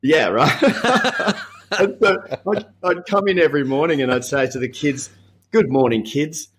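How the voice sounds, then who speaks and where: A man in his fifties with an Australian accent, a podcast guest talking in a relaxed, reflective way with frequent chuckles and halting restarts. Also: a little high, slight background noise. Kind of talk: casual interview chat.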